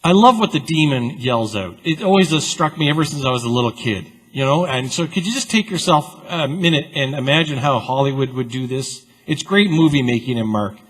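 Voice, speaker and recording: A man preaching a sermon as pastor, with a conversational, animated storytelling style full of asides. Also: mid-range voice, brisk, hardly any pauses, slightly rough. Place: church sanctuary. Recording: long church reverb.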